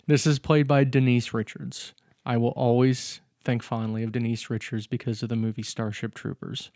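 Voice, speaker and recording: A man's voice: medium pitch, level tone, moderate pace, a little mellow, no room sound, clean studio sound. A man co-hosting a podcast, casually recapping a film's plot step by step with fillers. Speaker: podcast co-host. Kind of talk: casual chat recapping a film.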